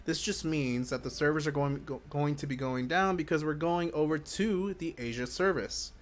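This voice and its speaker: A man's voice: a little high, moderate pace. A man hosting a casual livestream Q&A for a game community, chewing gum and feeling hyper, rambling and breaking off his own sentences as he answers viewer questions. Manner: chatty, rambling, self-interrupting.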